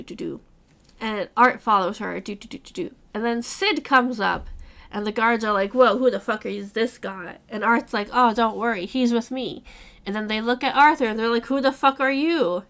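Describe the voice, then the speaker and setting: Speaking at a medium pitch, a woman leads a relaxed book club conversation. Her plot summaries are lively retellings, full of quotes and profanity.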